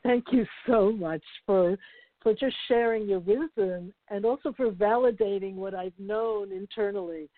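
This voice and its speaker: A woman's voice: medium pitch, measured pace, dry recording. Woman host on a dry phone line. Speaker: interview host. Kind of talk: casual interview.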